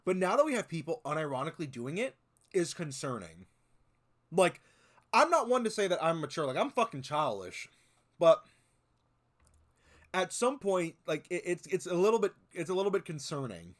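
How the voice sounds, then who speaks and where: With a voice on the high side, this man in his twenties sounds very animated, keeping a moderate pace broken by long pauses. He's chatting casually on stream about videos, rambling, swearing heavily and using lots of fillers.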